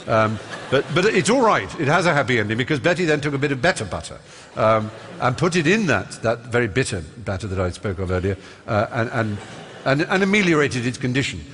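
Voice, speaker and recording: An English man talking on a concert-hall stage, telling stories quickly and fluently and mimicking people fondly. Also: medium pitch, sing-song, fairly bright tone. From England. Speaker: guest on stage. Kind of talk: live on-stage conversation.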